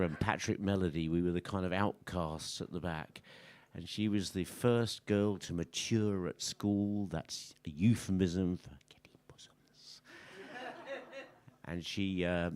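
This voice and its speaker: A man's voice: deep voice, a little mellow. A man, a folk singer chatting onstage between songs, rambling and self-mocking with dry jokes. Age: 60s. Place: live music venue stage. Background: live audience and instruments.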